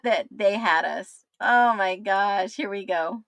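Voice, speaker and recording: A woman hosting a livestream, exclaiming in disbelief and talking straight to her viewers, her voice going hoarse. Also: medium pitch, slow, fairly bright tone. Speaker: livestream host. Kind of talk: excited livestream commentary.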